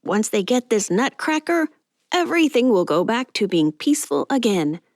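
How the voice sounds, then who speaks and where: A woman's voice: a little high, big pitch swings, normal speed, dry recording, clean studio sound, voice pushed up. A woman voicing a chatty young male elevator attendant in an audiobook, folksy and gossipy.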